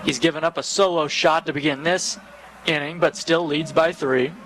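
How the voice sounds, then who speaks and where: A man announcing a college baseball game play-by-play from a stadium booth, calling each pitch in brisk detail. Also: fairly even intonation, a bit bright, slight background noise, poor audio. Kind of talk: live baseball play-by-play commentary.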